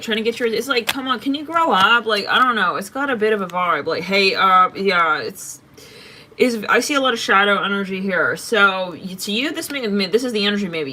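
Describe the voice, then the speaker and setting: A woman reading tarot cards for her audience in a loose, chatty way. Her voice is bright and forceful, and she is blunt and openly exasperated, with plenty of swearing thrown in. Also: medium pitch, slight background noise. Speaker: tarot reader. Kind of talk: casual tarot reading to camera.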